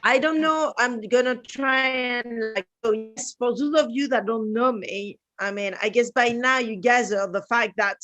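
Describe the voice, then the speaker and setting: Chatty French-accented woman, high voice. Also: measured pace, few pauses, lo-fi sound. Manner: lively, chatty, self-deprecating, many fillers. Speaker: speaker. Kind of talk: online talk.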